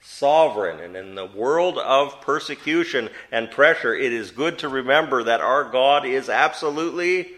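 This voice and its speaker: Animated man teaching a Bible study. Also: medium pitch, moderate pace, hardly any pauses. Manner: asks the group questions and answers them himself; emphatic, stresses key words.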